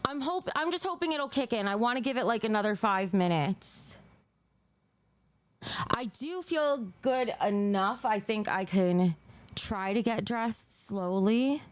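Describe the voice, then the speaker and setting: A woman's voice: fairly high pitch, lively intonation, a little slow, no echo. Nauseous woman streamer, sighing and apologetic. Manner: rambling, apologetic, swears, breaks into awkward giggles. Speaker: livestreamer reading chat donations. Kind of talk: casual livestream chat.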